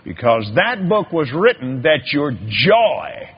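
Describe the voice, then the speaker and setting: A man's voice: fairly high pitch, very animated, slow pace, husky. A man preaching a folksy sermon, telling a story and drifting into repetitive, drawling preacherly emphasis. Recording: dull lo-fi sermon recording.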